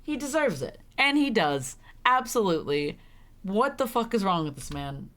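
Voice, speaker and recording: A young woman streams a visual novel, reading its lines aloud and reacting with sarcastic, exasperated, sweary commentary. Her voice is medium-pitched and a bit bright, sing-song, at a moderate pace.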